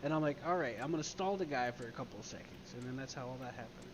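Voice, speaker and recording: A man chatting casually, recounting a game scene in an animated way, swearing often and acting out quoted lines. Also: medium pitch, rapid-fire, highs cut off, noisy background. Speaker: streamer in role-play game.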